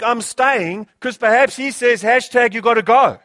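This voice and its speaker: A man with a South African accent preaches with a fairly high voice, driving home his points through repetition and rhetorical questions. The sound is dry and close, with no room echo. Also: moderate pace, hardly any pauses, sharp tone. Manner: rhetorical, repeating phrases and asking "Hello?". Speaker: pastor. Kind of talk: sermon.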